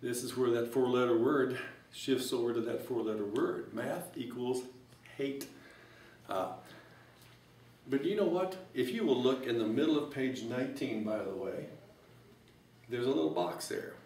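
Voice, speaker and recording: A man's voice: mid-range voice, a little slow, long pauses, darkish tone, distant mic. A man teaching an algebra lesson, explaining step by step with joking, folksy asides. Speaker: math teacher. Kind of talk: recorded math lesson. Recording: echoey room, voice from off-mic, faint hiss.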